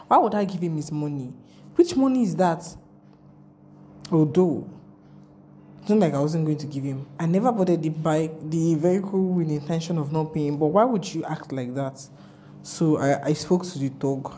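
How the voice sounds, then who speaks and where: A young Nigerian woman with a Nigerian accent, chatting casually in a vlog, telling her travel stories with animated, rambling asides. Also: low voice, a little hiss or hum. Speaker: travel vlogger.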